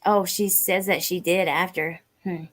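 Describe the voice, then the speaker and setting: A woman's voice: lowish voice, fairly even intonation, unhurried. Woman musing through a livestream. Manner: muses aloud and reads out chat comments. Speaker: livestream host. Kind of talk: livestream reaction commentary.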